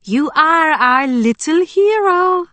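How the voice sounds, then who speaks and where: A woman voicing a bubbly young waitress in an audiobook, with a high, drawn-out, gushing manner. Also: lively intonation, bright, forceful tone, no room sound, heavily acted. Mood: excited. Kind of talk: audiobook character voice.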